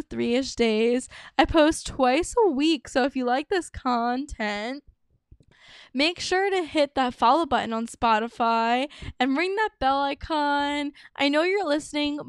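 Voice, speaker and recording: A woman's voice: high voice, dry recording, studio quality. A young woman in her twenties hosting a solo podcast, chatty and bubbly, with lots of casual fillers. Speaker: podcast host.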